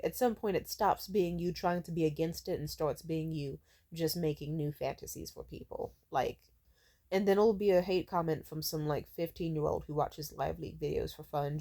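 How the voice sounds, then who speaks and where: A woman's voice: lowish voice, mellow. A young woman ranting casually to camera, sarcastic and full of fillers, mocking the comments she quotes. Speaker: video creator.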